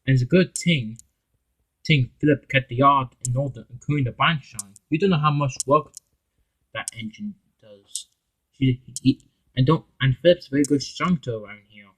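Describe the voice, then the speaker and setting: A man's voice: medium pitch, moderate pace, breathy edge, close to an everyday voice, low-quality recording. James, a man voicing a stern scolding engine. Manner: lecturing, stumbling over words.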